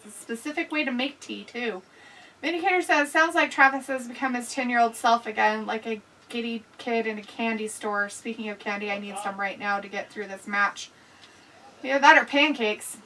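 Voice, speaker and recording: A woman's voice: fairly high pitch, steady tone, normal speed, bright, forceful tone, distant mic, poor audio. A woman hosting a casual live watch-along, chatting, laughing and reading viewer comments aloud. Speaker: livestream host reading chat.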